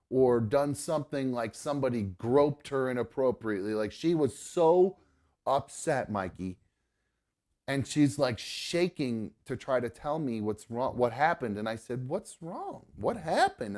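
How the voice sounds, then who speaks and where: A man's voice: medium pitch, darkish tone. Earnest rambling middle-aged man. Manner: rambling anecdotal storyteller, earnest. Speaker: podcast host. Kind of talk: casual chat. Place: studio.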